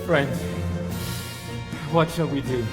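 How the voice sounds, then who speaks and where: A man's voice: mid-range voice, slow, in a large hall, over music, lightly acted. A man playing an earnest, worried young pilgrim in an amateur play. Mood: despairing.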